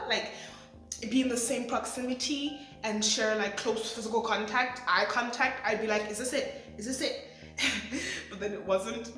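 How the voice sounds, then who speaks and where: A woman in her twenties talking through a show review, excitable and rambling with lots of fillers. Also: a little high. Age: 20s. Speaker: vlogger. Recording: echoey room, faint music.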